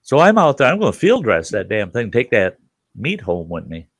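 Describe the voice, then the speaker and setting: A man in his sixties from Minnesota, hosting and telling animated, profane stories in a casual campfire style. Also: lowish voice, moderate pace, no room sound. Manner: profane, animated yarn-spinning with acted quotes. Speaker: host.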